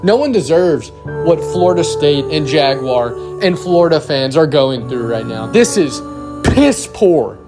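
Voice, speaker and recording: Guy on a podcast yelling and cussing about his team in a hotel room, music playing behind him. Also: on the high side, lively intonation, moderate pace, hardly any pauses. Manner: angry, shouting, profane rant. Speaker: podcast host. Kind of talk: ranting sports podcast monologue.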